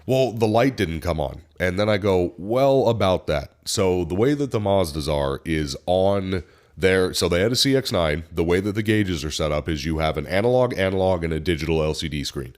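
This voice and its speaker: A young man co-hosting a podcast, telling a workplace story in a lively way and acting out the customer's lines. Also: low-pitched, brisk. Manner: animated anecdote teller, acts out customer lines. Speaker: podcast co-host. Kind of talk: casual storytelling chat.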